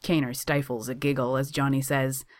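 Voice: medium pitch, little pitch movement, moderate pace. A reader narrating a story in a chatty tone with sarcastic asides. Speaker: audiobook reader.

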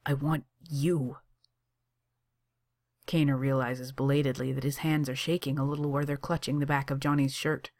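A woman reads a romantic story aloud in a notably low voice. Her telling is expressive and casual, with the narration's swearing delivered lightly. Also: fairly quick, few pauses. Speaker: reader. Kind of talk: reading fan fiction aloud.

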